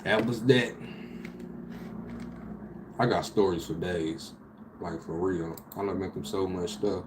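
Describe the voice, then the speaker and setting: A man, animated and profane, telling a story about his delivery job with loud outbursts. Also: deep voice, slow, background noise. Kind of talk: casual storytelling vlog.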